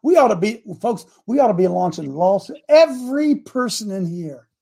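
A man's voice: sits high, lively intonation, moderate pace, vocal fry, dark tone. A middle-aged man hosting a call-in talk show, preaching and scolding his listeners in a combative way.

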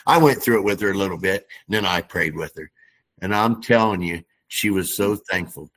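Middle-aged man, low voice, storyteller who acts out what people said. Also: moderate pace. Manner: animated, acts out quoted dialogue. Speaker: guest. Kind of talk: casual storytelling.

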